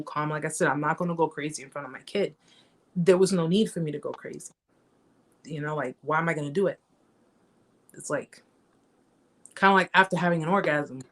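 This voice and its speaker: A woman hosting a live-stream chat, talking conversationally and emphatically, repeating herself and acting out the stories she tells. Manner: reenacts stories with raised pitch. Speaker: host.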